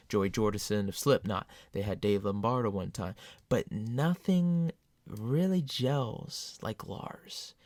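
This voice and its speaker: Male vlogger, mid-pitch, excitable storyteller, dry close sound. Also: no echo. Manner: excitable, animated retelling with sudden loud jumps. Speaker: metal fan vlogger. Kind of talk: casual storytelling to camera.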